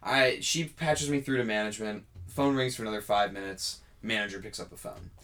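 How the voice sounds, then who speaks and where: A man's voice: on the low side, fairly quick. A young man co-hosting a podcast, telling a long story in casual chat and acting out the people in it. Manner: animated storytelling, acts out quoted people. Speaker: podcast co-host.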